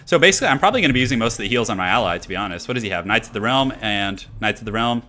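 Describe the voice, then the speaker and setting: A man's voice: lowish voice, animated, rapid-fire, sharp tone. A man casually commenting on his own game during a live stream, thinking aloud, chatting with viewers and laughing often.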